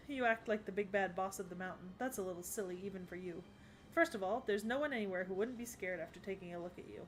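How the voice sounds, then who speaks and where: A woman voicing a sharp-tongued young goddess who taunts her rival with scorn, in an English anime dub. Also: medium pitch, fast, slight background noise, natural voice. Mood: scornful.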